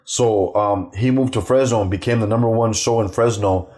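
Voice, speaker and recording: A middle-aged male comedian telling profane, animated family stories, acting out the voices of the people in them. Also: lowish voice, moderate pace. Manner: animated, acts out quoted voices, swears freely. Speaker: stand-up comedian, guest. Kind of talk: profane anecdotal storytelling.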